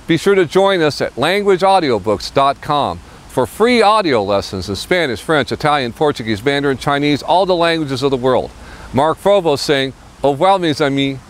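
Upbeat man teaching phrases slowly. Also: on the high side, sing-song. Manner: upbeat, repeats each phrase slowly twice. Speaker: language teacher. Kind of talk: scripted language lesson.

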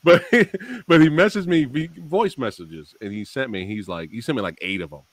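A man hosting a casual interview, chatty and animated, laughing and swearing as he tells stories. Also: mid-range voice, moderate pace, no room sound. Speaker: host.

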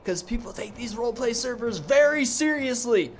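Give me a high-pitched young man doing crude, laughing gaming commentary. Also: expressive, moderate pace, soft background music. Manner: crude, joking, laughs often. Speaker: gaming YouTuber host.

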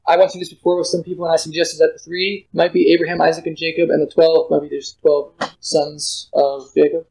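High-voiced man reading scripture. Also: flat delivery, a little fast, gravelly, hardly any pauses, darkish tone, low-quality recording. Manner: reads archaic verses aloud, then explains casually with fillers and restarts. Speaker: Bible study teacher. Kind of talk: informal scripture reading and commentary.

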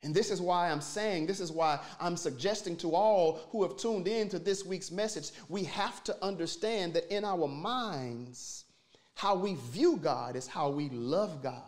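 A pastor delivering a sermon, preaching emphatically with repeated phrases and rising and falling loudness. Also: medium pitch.

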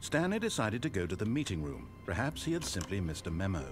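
A man's voice: fairly low pitch, sing-song, fast talker. A man voicing a dry, wry omniscient narrator in a game, with mock-solemn, sardonic scripted narration. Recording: game audio with music behind. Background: game music.

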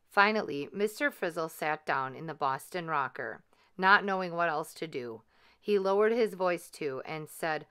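A woman reads a children's picture book aloud in a gentle, expressive way. Her voice is bright and crisp, and she speaks kindly to young listeners. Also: on the low side, a little slow. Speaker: storyteller.

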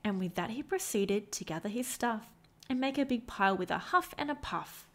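A woman reading a rhyming children's picture book aloud in an expressive, sing-song way. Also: fairly high pitch, moderate pace. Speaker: storyteller.

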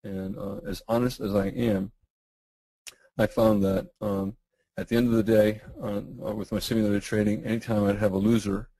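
A middle-aged man with a low, gravelly voice that is going hoarse, answering webinar questions. He talks in a halting way, full of fillers and restarts. His tone is dark and mellow, and the sound is dry and close. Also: flat delivery, no echo, poor audio. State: losing his voice, clearing throat. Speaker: guest trading educator.

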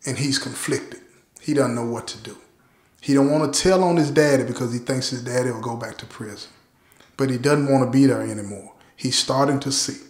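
A man's voice: medium pitch, a little fast. A man casually telling a true-crime story, talking straight to his listeners. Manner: conversational, addresses listeners directly. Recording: roomy echo.

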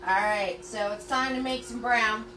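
A woman's voice: a little high, fairly even intonation, moderate pace, bright, forceful tone, a little hiss or hum. A woman leading a live-streamed painting class, chatty and upbeat as she talks viewers through each step. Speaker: paint party instructor.

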